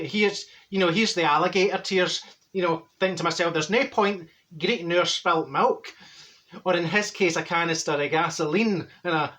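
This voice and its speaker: A man's voice: on the high side, bright, forceful tone. A man playing a brash, straight-talking middle-aged Glaswegian woman who tells a rambling comic story full of mixed-up sayings. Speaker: comic character monologue. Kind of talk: comedic character monologue.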